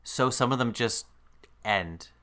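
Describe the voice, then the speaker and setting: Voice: mid-range voice, slow pace, a bit bright. A co-host in casual comedic chat, dropping wry asides and dry jokes about a show. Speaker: podcast co-host.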